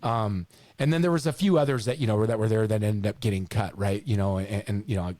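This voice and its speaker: Middle-aged male podcast co-host, low voice, casual storyteller with a loose mouth. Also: fast, no echo. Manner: animated, repeats words, swears casually.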